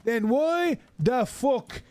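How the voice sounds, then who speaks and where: A man voicing a confused tourist in a joke, speaking slowly and over-enunciated. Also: extremely high pitch, expressive, dark tone, no room sound, pitched above the performer's own voice, heavily acted. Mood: puzzled.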